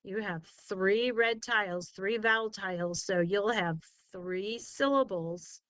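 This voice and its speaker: A woman with a mid-range, fairly bright, clear and resonant voice takes her time tutoring a student in spelling. She sounds words out by syllable and praises answers in a slow, patient lesson captured in a dry recording.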